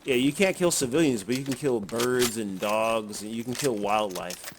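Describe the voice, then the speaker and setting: A man's voice: mid-range voice, moderate pace. A man giving casual, rambling commentary while he plays, chuckling and swearing freely. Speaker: gameplay commentator. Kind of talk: casual running commentary over gameplay. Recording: noticeable background noise.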